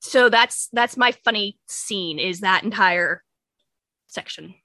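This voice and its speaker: A woman with a bright, crisp voice chats cheerfully on a podcast and giggles now and then. The sound is close and dry. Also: mid-range voice, takes it slowly, no room sound. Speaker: podcast co-host. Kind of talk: casual podcast chat.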